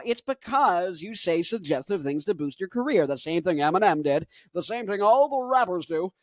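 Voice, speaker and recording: A man's voice: high voice, animated, a little fast, few pauses, no room sound. A man in his twenties rambling in a jokey, self-mocking way as he talks to camera for his vlog. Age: 20s. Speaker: musician vlogger. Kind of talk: casual rant to camera.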